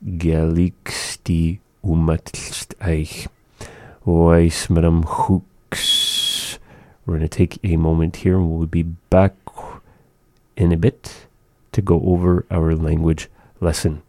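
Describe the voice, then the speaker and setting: A man hosting a radio language lesson, pronouncing phrases slowly and carefully. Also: low-pitched, little pitch movement, mellow, no room sound. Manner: slow, careful pronunciation of phrases. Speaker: radio host teaching a language.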